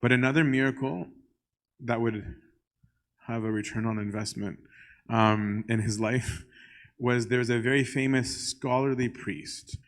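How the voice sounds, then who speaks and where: A man's voice: mid-range voice, steady tone, measured pace. A male priest giving a casual church teaching talk, conversational and full of "um" and "right?". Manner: conversational, often asks "right?"; frequent "um" fillers.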